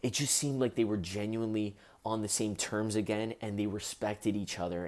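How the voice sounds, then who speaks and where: A musician talking to camera in an earnest, heartfelt way about something that moved him. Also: male voice, lowish voice, darkish tone. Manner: earnest, heartfelt, gets choked up. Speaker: musician reviewing a documentary. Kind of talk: casual talk to camera.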